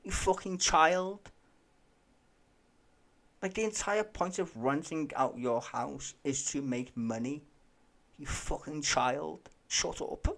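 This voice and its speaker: Sarcastic, swearing streamer. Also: male voice, fairly high pitch, slow, creaky, pauses often, fairly bright tone. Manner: sarcastic, profane ranting. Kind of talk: live-stream reaction commentary.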